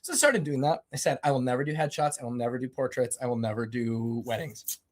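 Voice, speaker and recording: A man's voice: mid-range voice, fast talker. A man as a guest telling stories in a casual chat, acting out his own past lines. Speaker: guest, event photographer.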